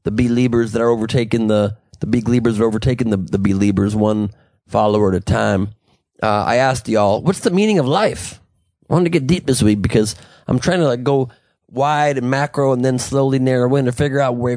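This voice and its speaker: A man's voice: medium pitch, a little mellow, no echo. A man hosting a podcast, joking and rambling through casual banter with his co-host.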